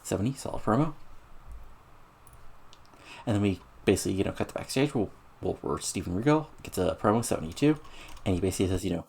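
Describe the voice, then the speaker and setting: A man with a low voice narrates a game session in an easygoing, rambling way. His tone is gravelly and a little husky, and he keeps tossing in fillers as he runs through results and scores. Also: expressive, quick pace, pauses often, darkish tone. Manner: rambling, filler-heavy, lists match ratings. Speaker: game streamer narrating a wrestling booking sim. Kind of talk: casual let's-play narration.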